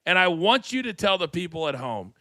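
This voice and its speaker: Bright, energetic male talk-show host. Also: high voice, no room sound, studio quality. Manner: energetic, fast promo-style delivery. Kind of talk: live wrestling talk show. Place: studio.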